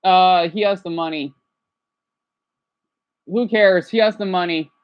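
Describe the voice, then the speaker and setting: A man livestreaming his reactions, rambling and agitated, dropping to quiet mutters and then yelling at someone off to the side. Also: sits high, steady tone, a little slow, clean tone, dry recording, lo-fi sound. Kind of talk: casual livestream reaction chat.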